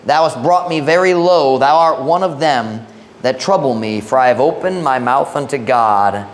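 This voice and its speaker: A male pastor reading scripture, praying and preaching a sermon in a church, switching between English and Visayan with slow, emphatic phrasing. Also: mid-range voice, expressive. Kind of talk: sermon, Bible reading and prayer.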